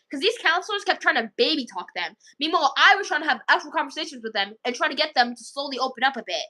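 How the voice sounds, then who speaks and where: High bright chatty young woman. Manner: chatty, acts out quoted kids, many "like"s. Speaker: vlogger. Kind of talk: casual storytelling.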